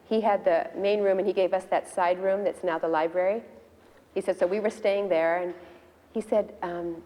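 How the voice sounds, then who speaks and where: An older woman recounting a personal memory in chatty storytelling, slipping into lively voices for the people she quotes. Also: lowish voice, moderate pace, in a large hall, rough recording. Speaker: devotee sharing memories.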